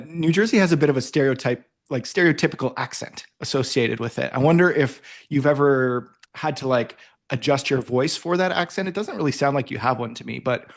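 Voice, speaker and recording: A young Canadian man hosting a podcast interview in an easygoing, upbeat manner. He chats along casually, often restarting his sentences as he goes. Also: medium pitch. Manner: upbeat, chatty, with filler restarts. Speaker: podcast host.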